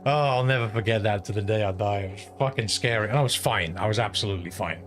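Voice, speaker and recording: A man's voice: lowish voice, quick pace, over music. A man streaming a game, telling a long story in rambling, profane casual chat. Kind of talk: casual chat while gaming. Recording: steady background noise.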